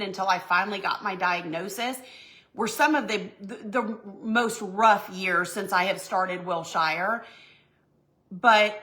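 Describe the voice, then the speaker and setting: A home goods brand owner hosts a casual live stream while signing, chatting emotionally and effusively as she thanks viewers and reads their comments. Her voice is medium-pitched with a bright, forceful tone.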